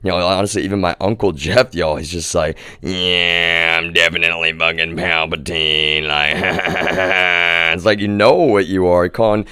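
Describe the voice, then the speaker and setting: A young man rants heatedly into his streaming mic, swearing and calling his viewers "y'all". His voice sits very low and sounds smooth and resonant. The sound is dry and close, with little room around it. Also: unhurried, a bit bright, no room sound. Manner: heated, profane, repeatedly addressing viewers as y'all. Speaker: livestream host. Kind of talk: ranting livestream monologue.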